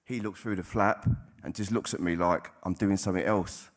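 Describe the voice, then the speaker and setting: Deep-voiced man, blunt testimony. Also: steady tone, normal speed. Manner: blunt, plain-spoken, with frequent swearing. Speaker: recovering addict sharing at a convention. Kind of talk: candid personal testimony to an audience.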